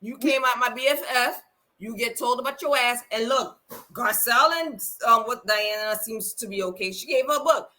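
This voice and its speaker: Woman reality-show reviewer; blunt, lively delivery, bright tone. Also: a little high, normal speed. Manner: blunt, lively, acts out quotes. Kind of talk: casual chat.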